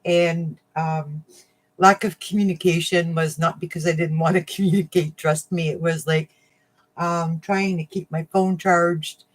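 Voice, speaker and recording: A woman hosting a casual crafting livestream, chatting warmly with viewers, getting emotional and laughing often. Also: on the low side, fairly even intonation, unhurried. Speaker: livestream host of a crafting channel.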